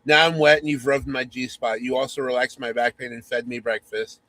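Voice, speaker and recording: Man reading as a pushy, eager young wife; breathy asks, mid voice. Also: mid-range voice, fairly even intonation, moderate pace, bright, forceful tone, close to an everyday voice, poor audio. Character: eager, demanding young adult wife on her birthday.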